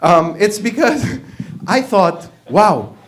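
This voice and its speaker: A man's voice: fairly high pitch, lively intonation, normal speed. A man doing a stand-up routine at an open mic, rambling and profane and laughing at his own jokes. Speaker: stand-up comedian. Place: stage at an open mic night.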